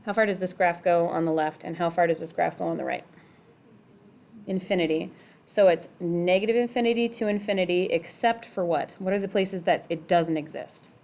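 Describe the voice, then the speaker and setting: Lower-voiced woman teaching a math class. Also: moderate pace, gravelly, a little mellow. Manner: casual, questioning students, filler "like". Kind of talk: classroom lecture.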